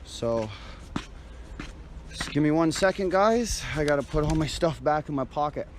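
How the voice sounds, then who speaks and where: A man's voice: on the high side, animated, moderate pace. A man doing a casual live stream outdoors on a frosty night, out of breath and sighing, rambling with many fillers and restarts. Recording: street noise and passing traffic.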